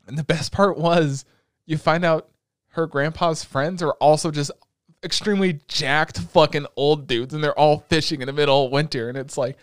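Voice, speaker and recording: A young man in casual chat, retelling anime episodes with lots of swearing, and slipping into quick put-on voices for the characters. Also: fairly high pitch, no echo, clean studio sound. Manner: profane, animated storytelling with quick put-on voices. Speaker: podcast co-host recapping an anime.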